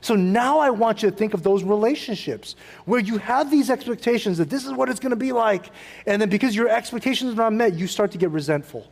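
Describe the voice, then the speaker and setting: A middle-aged man delivers a sermon in a high, bright-sounding voice. He talks to the congregation casually, acting out little scenes and tossing in asides. The sound carries the long reverb of a large church hall. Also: fairly quick, gravelly. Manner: conversational, animated, acts out quotes with asides. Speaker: pastor.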